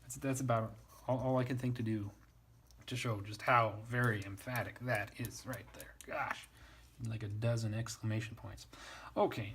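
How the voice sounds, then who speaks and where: Husky man teaching Latin casually. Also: mid-range voice. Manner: wry, self-deprecating, works through ideas aloud. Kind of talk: casual spoken lesson, thinking aloud.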